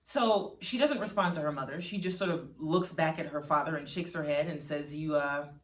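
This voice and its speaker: Low-voiced woman telling a story. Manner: conversational, unhurried, with fillers like "you know". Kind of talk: storytelling narration. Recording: roomy sound from a distant mic.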